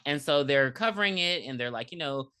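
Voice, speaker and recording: Lively woman podcast co-host. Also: deep voice, a little fast, clean tone. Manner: animated retelling with lots of fillers and laughs. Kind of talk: casual movie review chat.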